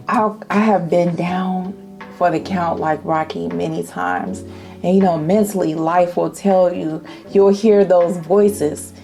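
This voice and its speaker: A woman chatting to her viewers about perfume in an animated, testifying way, calling them y'all. Her voice is mellow and unhurried, with faint music behind her. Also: lowish voice, creaky. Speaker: fragrance vlogger. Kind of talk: casual chat to camera.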